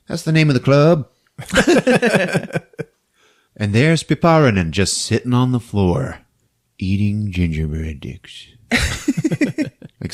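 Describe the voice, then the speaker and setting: A man hosting a podcast, recapping a movie scene by scene, jumping into quick character voices and laughing often. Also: medium pitch. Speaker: podcast host.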